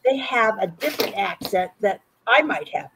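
An English tutor from Virginia, United States, in her sixties, chats on a video call during a casual conversation lesson, often repeating words as she gets going. Her American-accented voice is mid-range, expressive, a bit bright, and moderately paced. The low-quality recording has a little hiss or hum.

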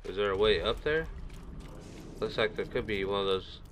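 Low-voiced man chatting over gameplay. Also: animated, normal speed, fairly bright tone, slight background noise. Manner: chatty, rambling, talks to himself. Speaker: gaming video creator. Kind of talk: casual gameplay commentary. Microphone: desk microphone set a little far away. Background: game music.

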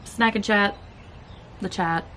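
A woman with a Southern US accent takes it slowly as she reviews keto snacks for her keto vlog, chatting casually and talking while chewing in a laid-back manner. Her mid-range voice is a bit bright, with slight background noise.

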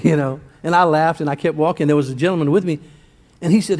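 A man's voice: on the high side, fairly quick, darkish tone. A male pastor preaching a sermon in church, folksy and conversational, full of rhetorical questions and stories.

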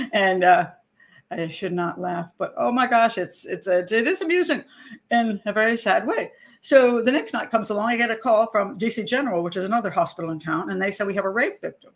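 A woman's voice: medium pitch, moderate pace. A woman who profiles criminals and hosts a show, telling a story in a casual, chatty way with frequent laughter. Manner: chatty, laughs often, acts out quotes.

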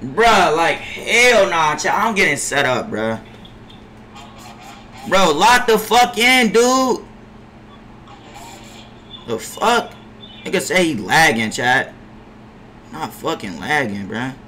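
Young male streamer trash-talking, lively pitch. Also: slow pace, long pauses, a little hiss or hum. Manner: frustrated trash talk, profanity-heavy, drops into low mutters; bursts into far-off shouts at teammates. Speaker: gaming streamer. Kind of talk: live gameplay commentary.

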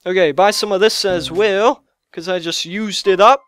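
A young man giving excitable gameplay commentary on his own gaming channel, shouting and yelping at the game between quick chatter. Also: sits high, clean tone, dry recording. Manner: loud, yelps and shouts at the game. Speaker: let's play gamer. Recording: lo-fi restored audio.

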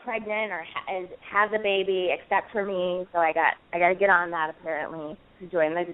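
A woman's voice: on the low side, steady tone, a little fast. Chatty woman over a tinny phone line. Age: 30s. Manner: chatty, many fillers and restarts, playful. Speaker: actress guest. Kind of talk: casual interview chat.

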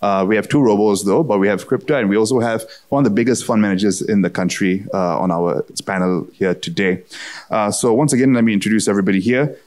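Male panel moderator, low-pitched, polished emcee delivery. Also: fast talker, darkish tone.

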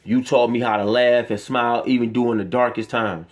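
A man's voice: mid-range voice, steady tone, a little fast. A man, speaking straight to his viewers. He rants with passion and profanity, preaching his point again and again. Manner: impassioned, profane, preachy ranting. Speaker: vlogger. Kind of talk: emotional monologue to camera.

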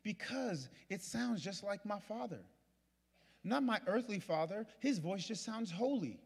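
A male pastor preaching a sermon in a large church auditorium, repeating his points and moving from hushed to loud. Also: sits high, animated, a little slow, vocal fry, husky. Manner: impassioned, repetitive preaching that swings from hushed to loud. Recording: long hall reverb.

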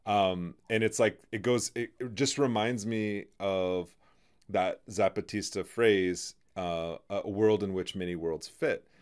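A man hosting a podcast, talking through ideas in a halting way, full of fillers and restarts. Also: on the low side, steady tone, smooth. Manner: halting, many "you know" fillers and restarts. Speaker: podcast host. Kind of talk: in-depth conversational discussion.

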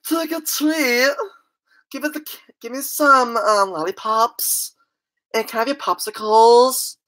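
Lady doing a squeaky whiny candy guy, dragging words out. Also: a little slow, a bit bright. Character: excitable male trick-or-treater.

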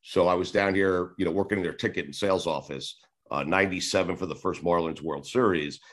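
Guest spot: deep-ish man in his forties from New York, loose rambling anecdotes, casual cursing. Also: a little fast, fairly bright tone. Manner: rambling, acts out old conversations, swears casually. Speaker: sports radio host, podcast guest. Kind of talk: casual interview storytelling.

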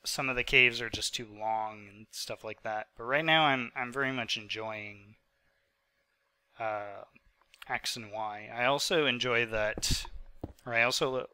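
Clear and resonant yet pushed and bright, this medium-pitched man's voice keeps fairly even intonation at a measured pace. He's a gaming channel host of twenty-five, sick and hiccuping, offering casual, rambling, filler-filled commentary on gameplay he recorded.

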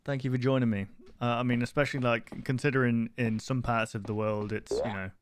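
A man's voice: mid-range voice, fairly even intonation, a little fast. A man live-streaming a game, rambling and easily sidetracked, swearing often. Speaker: gaming streamer. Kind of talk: live-stream gameplay commentary.

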